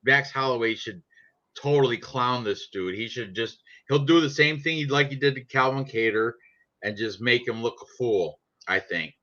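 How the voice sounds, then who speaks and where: A man's voice: medium pitch, moderate pace, pushed and bright. A man chatting casually about sports picks in a brash, profane, joking way. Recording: dull lo-fi sound.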